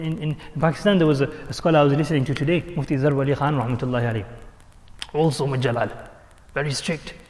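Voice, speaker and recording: In a large hall, a man with a slightly high voice gives a sermon through lively stories. He plays out the people he quotes and keeps restarting his lines.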